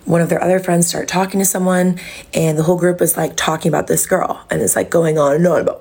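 Young woman, casual story chat, low husky voice, acts out quotes. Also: fast. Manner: animated, acts out quotes, swears freely. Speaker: podcast host.

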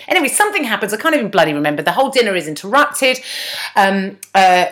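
A woman with a low, animated voice recaps a TV episode on a podcast in casual chat. She teases the characters and acts out their lines along the way. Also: fairly quick. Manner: chatty, mocking, acts out lines in quotes. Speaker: podcast co-host.

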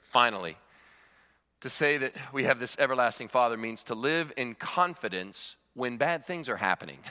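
A male pastor preaching with a lively, swooping delivery and a bright, ringing tone. He repeats words for emphasis and chuckles between points. His voice carries the long reverb of a large church sanctuary. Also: mid-range voice. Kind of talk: sermon.

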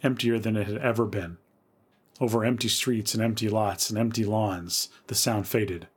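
Male podcast host, lowish voice, measured atmospheric story narration. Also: fairly even intonation, husky.

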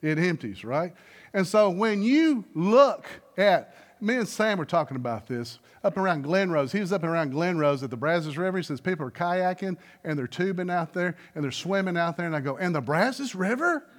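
High-voiced pastor preaching folksy. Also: male voice, expressive, moderate pace. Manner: folksy storytelling with rhetorical questions to the congregation. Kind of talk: sermon. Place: church sanctuary.

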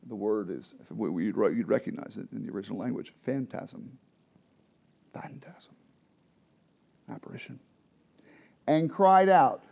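A man's voice: on the low side, very animated, moderate pace, creaky, darkish tone. A man teaching a Bible study to a group, explaining the text and asking the group questions.

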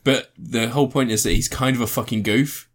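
Guy rambling about movies, swears a lot, middle-pitched, gets animated retelling scenes. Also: fairly quick. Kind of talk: casual film chat.

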